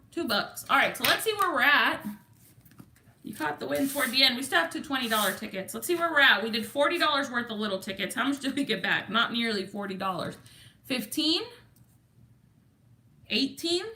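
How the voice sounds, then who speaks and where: Scratching off lottery tickets on a casual livestream, a woman from Texas chats away, counts numbers and reads her viewers' comments aloud. She speaks with a Texan accent in a fairly high, animated, sharp voice at a moderate pace, and the sound is reverberant.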